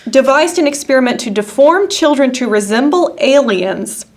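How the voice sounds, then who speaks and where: Woman podcast co-host, slightly high voice, sarcastic skeptic, chatty. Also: expressive, normal speed. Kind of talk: casual chat.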